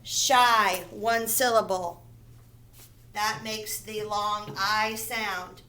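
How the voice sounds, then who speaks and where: A woman teaching a phonics lesson to first graders, slowly and patiently explaining each step and checking in with the children. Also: medium pitch, fairly even intonation, pushed and bright, a little hiss or hum.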